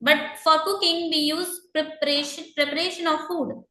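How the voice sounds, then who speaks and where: A woman's voice: high-pitched, fairly even intonation, normal speed, bright, forceful tone, reverberant. A woman teaching an exam-prep lesson, explaining patiently to students with frequent fillers and repeated reminders. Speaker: IELTS teacher.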